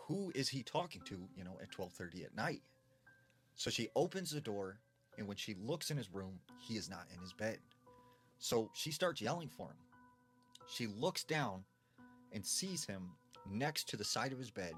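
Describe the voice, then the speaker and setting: A man's voice: lowish voice, a bit bright. A man telling a ghost story in a casual, conversational way, full of fillers.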